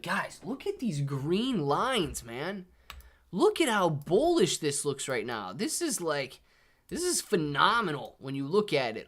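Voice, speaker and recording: A man's voice: fairly high pitch, a bit bright. Hyped young man hosting a live stream. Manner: hyped, thanks viewers by name. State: out of breath. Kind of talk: live stream chat and market commentary.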